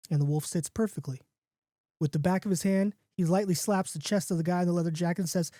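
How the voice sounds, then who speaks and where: A man reading his own spooky story aloud in a casual, animated way, lifting his pitch for excited characters. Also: fairly quick, no echo, clean studio sound.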